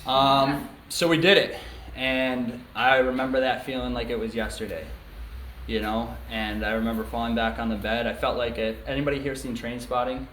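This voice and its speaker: A man's voice: medium pitch, fairly even intonation, moderate pace, a bit bright, slight background noise. A young man from New York State telling his own story at a recovery meeting, speaking frankly and casually with many ums and you-knows. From New York State, USA. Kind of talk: candid personal testimony. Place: meeting room before a small group. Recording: echoey meeting room, faint ambience.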